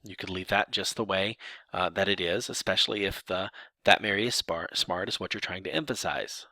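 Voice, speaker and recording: A deep male voice, fairly quick and with no room sound, teaches sign language grammar. He walks through examples step by step in a lively way, restarting now and then.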